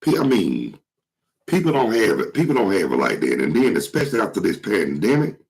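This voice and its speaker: A man with a cold and a hoarse throat, rambling casually to his viewers in slangy, swear-filled talk. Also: fairly low pitch, huge pitch swings, fairly quick, a little mellow, rough recording. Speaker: vlog host.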